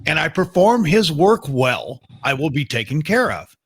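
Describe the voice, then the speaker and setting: A man talking as a guest on a faith podcast, sincere and reflective, with steady conviction. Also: fairly high pitch, a little slow, husky. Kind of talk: casual faith podcast conversation.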